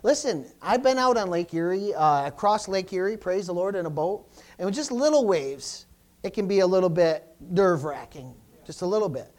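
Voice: mid-range voice, lively intonation, normal speed, a little mellow. A pastor preaching a sermon to a congregation in church, often restarting phrases and calling out "amen?" and "praise the Lord".

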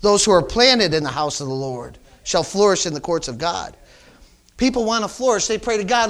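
High-voiced man preaching a sermon. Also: sing-song, moderate pace, a bit bright. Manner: preaching with frequent call-outs and rising emphasis. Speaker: pastor.

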